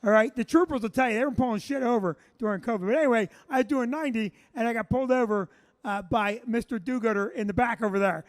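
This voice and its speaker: Jersey club owner guy, really high voice, cursing his way through a funny story on stage. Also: quick pace. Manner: profane, boisterous, acts out the people in his stories. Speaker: comedy club owner and show host. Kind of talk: live comedic storytelling. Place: live show with a room audience.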